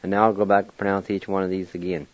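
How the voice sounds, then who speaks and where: A man hosting a radio language lesson, spelling each word letter by letter and repeating it slowly and patiently. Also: low-pitched, flat delivery, no echo. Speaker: language teacher on a radio show. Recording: dull, lo-fi radio recording.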